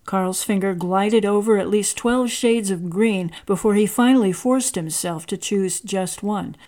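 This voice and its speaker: A woman narrating a story with a measured, expressive delivery. Her voice is mellow and warm, pitched in a middle range.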